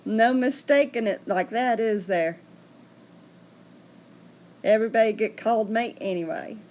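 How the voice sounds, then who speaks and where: A woman's voice: fairly high pitch, a little slow, a little mellow. A woman hosting a casual livestream, chatting and answering viewer comments. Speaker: livestream host.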